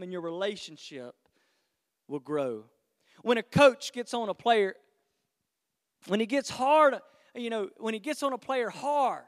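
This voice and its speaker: A man's voice: extremely high pitch, a bit bright. A man preaching a sermon as pastor, emphatic and stretching key words for effect, in a church. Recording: long hall reverb.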